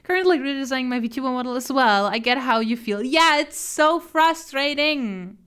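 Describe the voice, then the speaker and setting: A woman's voice: high voice, animated, normal speed, fairly bright tone, clean tone. A young woman art streamer chatting casually while she draws, laughing often, flustered and self-deprecating. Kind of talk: casual chat while drawing.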